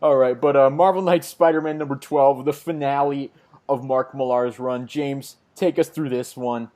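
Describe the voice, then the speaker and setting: A young man co-hosting a casual comic recap, chatty and quick to laugh as he leads the talk. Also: medium pitch, fairly even intonation, mellow. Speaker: comic podcast co-host.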